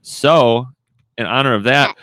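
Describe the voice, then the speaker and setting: A man's voice: medium pitch, unhurried, bright, forceful tone, no room sound. A man hosting a casual podcast, rambling and swearing through a story. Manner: rambling, swears a lot, laughs at own stories. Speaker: podcast host. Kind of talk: casual profane chat.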